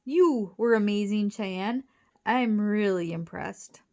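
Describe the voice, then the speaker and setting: A woman reading aloud, voicing an excitable young boy in a children's storybook. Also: mid-range voice, slow. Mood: admiring. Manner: shouting, breathless.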